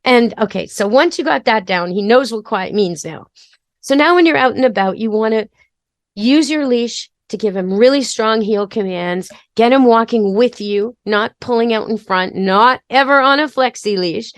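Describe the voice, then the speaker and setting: A woman pet expert talks through training steps in a practical, chatty manner. Her voice is fairly high. The recording is dry and close. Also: moderate pace, dry recording. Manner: practical, chatty, gives step-by-step advice. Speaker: pet expert and podcast host. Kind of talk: casual instructional talk.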